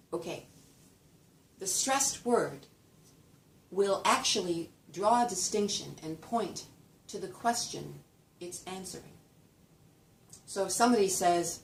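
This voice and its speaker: A woman's voice: takes it slowly, a bit bright. A woman teaching a class, often acting out example phrases with exaggerated sing-song melodies. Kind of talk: lecture with spoken demonstrations. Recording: roomy echo, distant mic, faint rumble.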